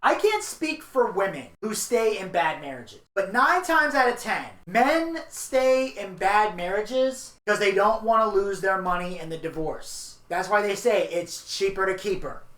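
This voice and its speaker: A man's voice: sits high, expressive, unhurried, hardly any pauses, a bit bright. A man co-hosting a podcast, rambling through a casual review with crude, opinionated remarks. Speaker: podcast co-host. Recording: echoey room.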